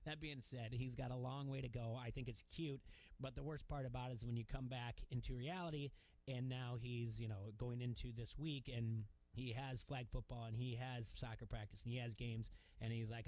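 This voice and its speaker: A man's voice: mid-range voice, fairly even intonation, normal speed, a little mellow, dry recording. A man hosting a sports radio show, telling a long story in a casual, rambling way, full of fillers and restarts.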